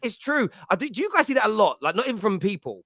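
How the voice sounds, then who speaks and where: A man with an East London accent, hosting a fan podcast and answering chat comments in an animated, chatty way, laughing often and restarting his sentences. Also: high voice, fast, no echo, studio quality. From East London, England. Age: adult with a school-age child.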